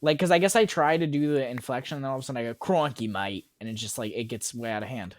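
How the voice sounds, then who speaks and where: A man's voice: mid-range voice, rapid-fire, slight background noise. A young man chatting casually on a gaming stream, rambling and joking as he talks back to his chat. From United States. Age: young adult. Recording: loud keyboard typing and mouse clicks.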